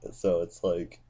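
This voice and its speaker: A young man telling a rambling improvised comic story, giggling often, stumbling over words and swearing a lot. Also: dark tone.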